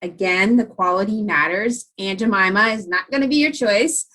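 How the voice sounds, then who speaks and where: A woman's voice: mid-range voice, moderate pace, sharp tone, rough recording. A woman with a South Central Pennsylvania accent, a guest on a casual podcast, explaining sugar choices in a friendly, practical way. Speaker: podcast guest, nutrition coach.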